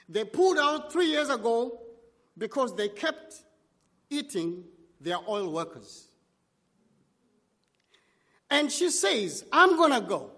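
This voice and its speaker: Male preacher, unhurried and dramatic, in short phrases; long hall reverb. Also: very high voice, fairly bright tone. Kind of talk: sermon storytelling.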